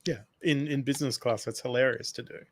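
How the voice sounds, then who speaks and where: A man's voice: mid-range voice, steady tone, fast talker. A man chatting casually, often restarting his sentences and laughing along with the story. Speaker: podcast co-host. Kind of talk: casual chat.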